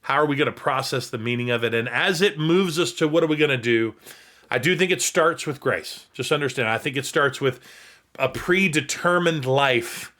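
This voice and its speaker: A man who is a pastor, teaching on scripture in a reflective way, reading verses slowly and repeating his key points. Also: mid-range voice, pushed and bright. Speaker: pastor and host. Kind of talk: sermon-style teaching on scripture.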